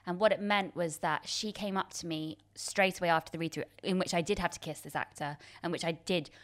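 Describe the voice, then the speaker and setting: A woman in her thirties telling a story in casual chat, self-deprecating and quick to laugh, with many restarts. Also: fairly low pitch, fairly even intonation. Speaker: guest.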